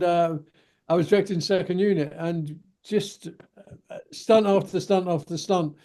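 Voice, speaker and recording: An older Cockney man, a guest on a video call, unspools a long anecdote in a fairly high but mellow, warm voice. He wanders and circles back as he talks, slipping into the voices of the people in his story. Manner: rambling yarn-spinner, acts out the people he quotes. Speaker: guest, veteran stuntman.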